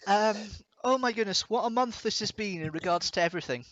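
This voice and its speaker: A man's voice: high-pitched, a little fast, fairly bright tone, dry recording. Guy chatting on a livestream, fussing over laptop glitches, kinda dull lo-fi sound. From Scotland. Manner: chatty, apologetic about technical glitches. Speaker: stream host. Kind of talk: casual chat on a live stream. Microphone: webcam or laptop mic. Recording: dull, lo-fi stream audio.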